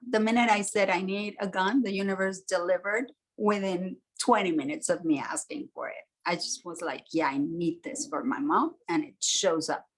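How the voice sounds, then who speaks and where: A woman hosting a full moon gathering, telling a story animatedly with frequent laughs, then talking the group through the full moon in a casual spiritual way. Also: medium pitch. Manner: giddy, emphatic.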